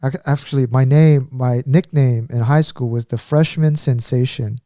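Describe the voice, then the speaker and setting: A man in his thirties rambles through a casual podcast story, full of fillers, restarts and trailing thoughts. His voice is dark and mellow. The sound is close and dry, with no room in it. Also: mid-range voice, fairly even intonation, normal speed, dry recording. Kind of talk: casual chat.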